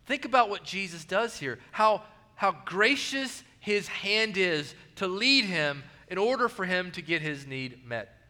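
Preaching in a church hall full of reverberation, a male pastor speaks with a high, bright tone, animated yet unhurried. He's earnest, comes back to his key phrases again and again, and lowers into a soft hush on quoted lines.

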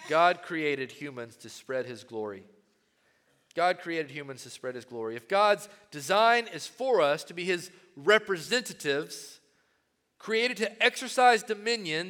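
High, bright-voiced preacher man in a reverberant hall. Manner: animated preaching, swings from loud to hushed. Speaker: pastor. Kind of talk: sermon.

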